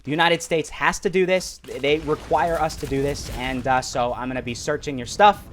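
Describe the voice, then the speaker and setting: A man's voice: fairly high pitch, fairly even intonation, normal speed, a little hiss or hum, close to an everyday voice. A man voicing a stern male airport security officer who speaks formally and by the book. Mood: matter-of-fact. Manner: formal, procedural.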